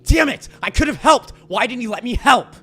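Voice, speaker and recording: Guy voicing a hotheaded dude yelling, pushed up high and sharp. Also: expressive, moderate pace, husky, soft background music, full character voice. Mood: furious. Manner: shouting, frantic. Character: hot-headed young man.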